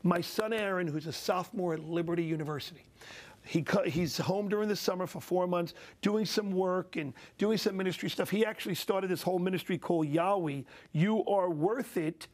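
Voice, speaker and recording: A middle-aged Italian-American man, appearing as a guest speaker, tells emotional stories with passion, his high-pitched voice moving briskly. Like a preacher, he repeats phrases for emphasis.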